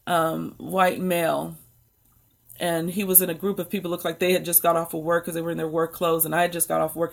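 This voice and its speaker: A woman's voice: lowish voice, gravelly. An American woman hosting a live book stream, chatting casually and rambling to her viewers. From United States. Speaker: book channel host.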